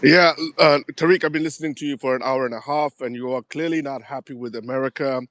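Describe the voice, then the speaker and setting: A man's voice: medium pitch, steady tone, quick pace, a bit bright, no echo. A man calling into a radio show who argues provocatively and talks over the host. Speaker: caller. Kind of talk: call-in radio talk.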